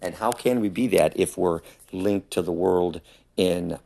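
Insistent low-voiced man preaching. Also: unhurried, creaky, warm tone. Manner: insistent, keeps asking "ready?"; acts out quoted voices with big pitch jumps. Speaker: street preacher. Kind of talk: preaching in conversation.

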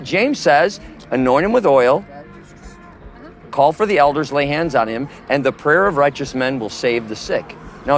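A man preaching on the street outdoors, emphatic and forceful, quizzing his listeners with questions as he talks. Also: mid-range voice.

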